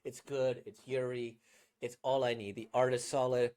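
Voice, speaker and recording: A man's voice: medium pitch, flat delivery, normal speed, darkish tone. Guy rambling about a comic he read, lots of likes and ums, pretty self-critical. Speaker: manga reader and reviewer. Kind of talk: casual reaction commentary.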